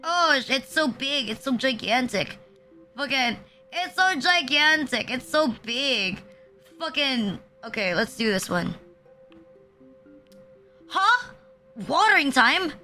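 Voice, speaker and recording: A young woman chats on a home live stream, crude and rambling, her words piled with fillers and frequent laughs. Her voice sits high and sounds bright. Faint music plays underneath. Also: animated, measured pace. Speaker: VTuber streamer. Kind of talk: casual live-stream chat.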